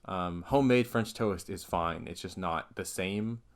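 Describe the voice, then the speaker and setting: A man co-hosts a podcast in a relaxed chat. His voice sits on the low side. He teases with a dry, deadpan humor. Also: a little slow. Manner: teasing, dry. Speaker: podcast co-host. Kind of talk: casual chat.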